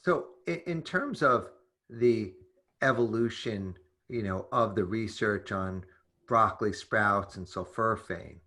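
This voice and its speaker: A man's voice: fairly low pitch, a little slow, bright, forceful tone. A man hosting an interview, asking long, curious, winding questions. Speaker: interviewer host. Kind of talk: conversational interview.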